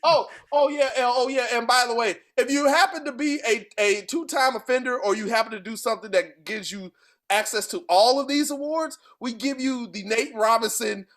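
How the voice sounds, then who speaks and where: A man with a St. co-hosting a casual wrestling podcast, ranting loudly and profanely for comic effect. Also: very high-pitched, normal speed. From St. Louis area. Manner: loud profane comedic ranting. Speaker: podcast co-host.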